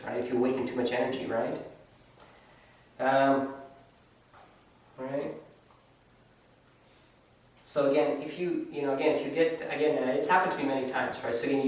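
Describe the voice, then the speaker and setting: A man's voice: mid-range voice, distant mic. Man teaching a class in a very echoey room. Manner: loose and conversational, often ends phrases with "right?". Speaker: yoga teacher. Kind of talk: casual spoken class instruction.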